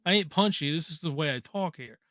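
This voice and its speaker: A man's voice: on the high side, animated, fairly quick, pushed and bright, no room sound, clean studio sound. A man with a Canadian accent hosting a live watch-party, reading viewers' questions aloud and chatting casually. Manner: reads chat questions aloud, casual and joking. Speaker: host.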